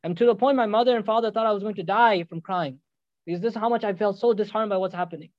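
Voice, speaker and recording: A man's voice: high voice, fast talker, a little mellow, dry recording, muffled recording, close to an everyday voice. A man voicing a grieving young woman in a retold story, with a plaintive, pleading manner.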